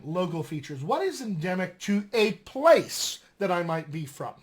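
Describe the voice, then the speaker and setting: Speaking mostly in a General American accent, a male dialect coach with a voice on the high side records a relaxed lesson at home with flashcards. He keeps it lively and chatty, using plenty of fillers.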